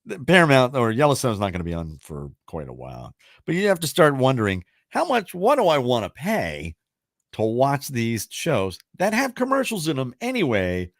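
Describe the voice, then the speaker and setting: A man's voice: medium pitch, wildly swooping pitch, normal speed, no room sound, clean studio sound. A man hosting a radio show, chatting casually and rambling, then reading out a trivia question. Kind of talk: casual chat and trivia quiz.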